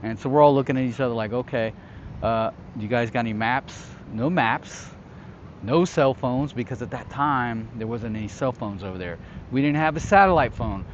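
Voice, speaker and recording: A man with a mid-range voice talks a little fast as he hosts his own show, casually recounting his days as a security contractor and often checking in with the listener. The recording sounds slightly dull and lo-fi, with a bit of hiss or hum.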